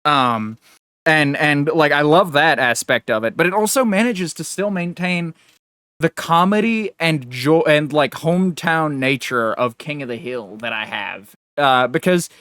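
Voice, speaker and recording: A young adult man co-hosting a podcast, talking in casual, rambling chat that is animated and full of restarts. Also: a little high, a little slow, smooth, dry recording, clean studio sound. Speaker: podcast co-host.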